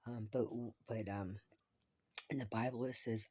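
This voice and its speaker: A woman's voice: very deep voice, fairly even intonation, unhurried, warm tone, husky. A woman vlogging in a rambling, profane monologue, often dropping to a whisper.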